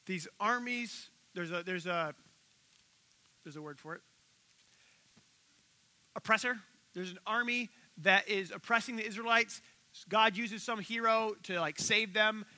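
A male pastor delivers a sermon with a high, sharply bright voice. He retells stories animatedly, jumping into the voices of the people in them. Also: low-quality recording. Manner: animated storytelling, acting out quoted voices.

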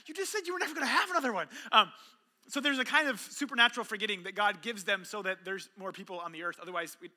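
A very high-pitched man preaches in a lively storytelling way. He acts out little dialogues, jumping from hushed lines to shouts. His tone is sharp and bright throughout. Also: quick pace. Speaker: pastor. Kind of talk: sermon.

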